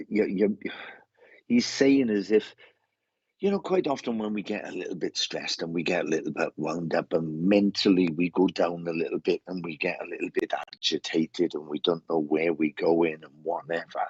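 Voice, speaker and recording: A man giving a mediumship reading, halting and repeating his words, calling the sitter mate. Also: low voice, a little mellow, husky, dry recording. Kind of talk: casual spoken reading. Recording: dull lo-fi sound.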